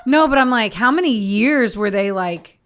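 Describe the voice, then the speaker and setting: A young woman co-hosts a podcast and reacts to her partner's story with quick jokes and offhand swearing. She drifts into silly tangents and playful what-ifs. Her voice sits a little higher than most women's. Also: animated, fairly bright tone, smooth. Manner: jokey, sweary, riffs with silly asides. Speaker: podcast co-host. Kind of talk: casual chat.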